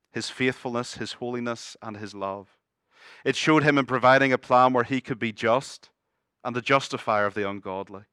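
A man's voice: medium pitch, a bit bright, smooth, no room sound, clean studio sound. A middle-aged man preaching a sermon earnestly, with humorous asides. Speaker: pastor.

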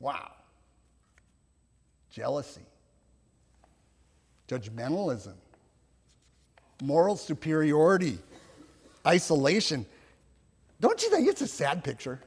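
A male pastor preaching a sermon in a church, reflective and gentle, with soft laughs and restarts. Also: a little high, very animated, slow pace, pauses often, slightly rough, big-room sound.

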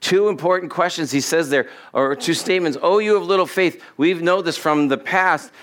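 Animated preaching man. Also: fairly high pitch, moderate pace. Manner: animated, acts out Bible characters' lines. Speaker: pastor. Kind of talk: sermon. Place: church. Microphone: body-worn mic with cable.

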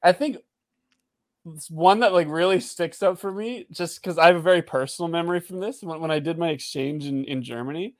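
A man's voice: a little high, a little fast, dry recording. A man from Canada, co-hosting a podcast in easygoing casual chat and laughing readily. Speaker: podcast co-host.

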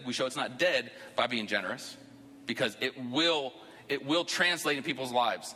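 A man's voice: mid-range voice, pushed and bright, long reverb tail. A man preaching a sermon to his church as pastor, talking conversationally and rising into emphatic bursts. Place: church sanctuary.

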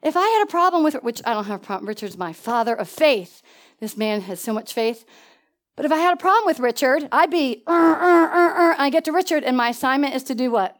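A woman preaching a sermon in an animated way, with laughing asides and questions to the congregation. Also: sits high, quick pace.

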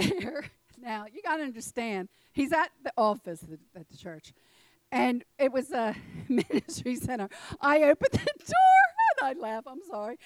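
Lively woman telling a sermon story. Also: sits high, no echo, rough recording. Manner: animated, laughing storyteller speaking to a congregation. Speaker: church speaker.

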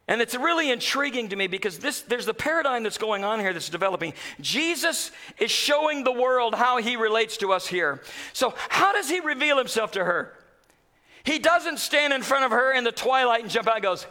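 Man, middle-aged, preaching, high voice, hushed to loud swings. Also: lively intonation, moderate pace. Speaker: pastor. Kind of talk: sermon.

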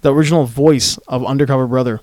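A man co-hosting a podcast, telling stories in casual chat with an animated, laughing manner. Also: medium pitch, quick pace, dry recording. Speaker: podcast co-host.

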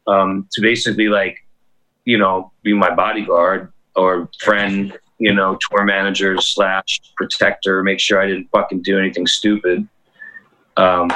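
A man in his forties hosting a casual chat, telling long rambling stories full of swearing and excited asides. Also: on the low side, poor audio. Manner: rambling, profane, animated storytelling. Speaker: DJ and podcast host.

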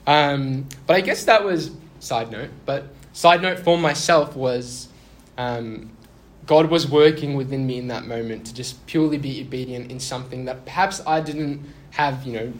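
A young man with a mid-range voice and moderate pace shares a personal story during a casual sermon. He's chatty and self-deprecating, laughing his way through the awkward moments.

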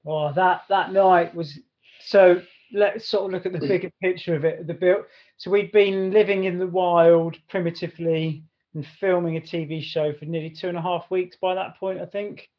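A man's voice: high-pitched, steady tone, normal speed. A man co-hosting a podcast, telling a story casually in a rambling way, full of restarts. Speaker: podcast co-host. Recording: dull lo-fi sound.

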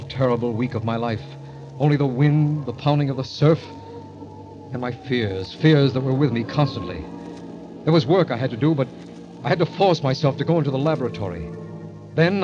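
A man narrating and acting in an old radio drama, tense and fearful. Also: mid-range voice. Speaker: narrator and lead character. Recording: dull old radio play recording with music.

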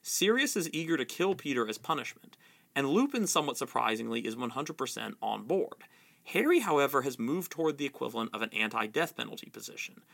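A man giving measured, explanatory commentary on a novel. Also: mid-range voice, sing-song, creaky, fairly bright tone. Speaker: literary commentator. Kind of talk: analytical book commentary.

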